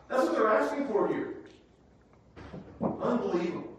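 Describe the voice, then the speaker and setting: A man preaching a sermon in a church, swinging from low, quiet passages to shouted, repeated lines. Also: animated, normal speed. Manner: dramatic, swings from low murmurs to shouted repetition. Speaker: pastor. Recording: very echoey hall, voice far from mic.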